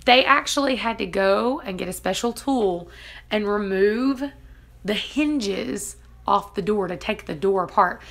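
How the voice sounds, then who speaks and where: Her voice here is mid-range with a sharp tone as this thirtysomething vlogger and mom chats casually, telling stories, laughing a lot, and acting out quotes.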